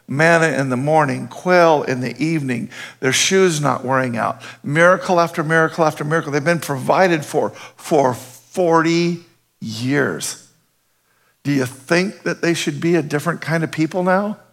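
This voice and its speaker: Man, middle-aged pastor, sermon, gravelly, chatty, asks the congregation questions. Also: a little high, moderate pace, fairly bright tone. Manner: conversational, asks the audience questions often.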